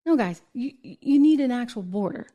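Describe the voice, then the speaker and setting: A woman's voice: on the high side, expressive, moderate pace, mellow, muffled recording. A woman from New Hampshire hosting an opinion show, indignant and full of rhetorical questions. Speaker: host.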